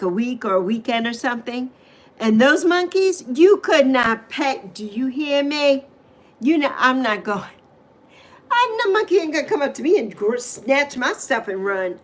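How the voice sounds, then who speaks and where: A middle-aged woman, hosting a casual livestream, chatting animatedly and reacting to viewer comments with emphatic exclamations. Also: high-pitched. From U.S. Virgin Islands. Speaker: livestream host.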